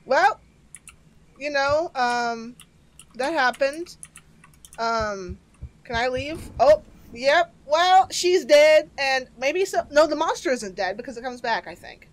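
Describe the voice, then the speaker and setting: A high-voiced woman talks slowly and with lots of animation while playing a horror game. She's a game streamer doing let's play commentary, chatty and reactive, tossing out jokes and swearing.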